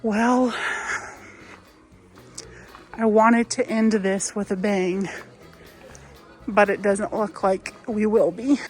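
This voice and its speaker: A woman vlogging casually while she walks through a craft store on her phone, chatty and a little wistful, with soft laughs now and then. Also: medium pitch, steady tone, slow, pauses often, faint music behind. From United States. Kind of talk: casual shopping vlog chat. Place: inside a large craft store. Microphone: phone held while walking.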